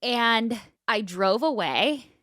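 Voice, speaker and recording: Bright, lively woman telling stories. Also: on the high side, extremely slow, no echo, studio quality. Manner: animated storytelling, swears freely, acts out quotes. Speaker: podcast co-host. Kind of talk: casual chat.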